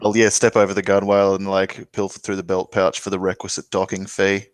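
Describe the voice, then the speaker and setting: Tabletop player, man, low flat smooth voice, dry room. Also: fairly quick, no room sound. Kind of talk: tabletop game narration.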